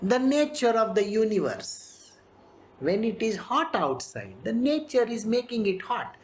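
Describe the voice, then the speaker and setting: A spiritual teacher gives an animated scripture discourse, acting out characters and laughing often. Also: medium pitch, a little slow.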